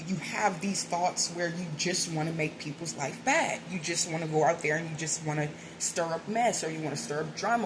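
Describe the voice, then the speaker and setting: A woman with a low voice hosts a spiritual video against a noisy background. She talks to the camera candidly and casually, rambling to her viewers and swearing now and then.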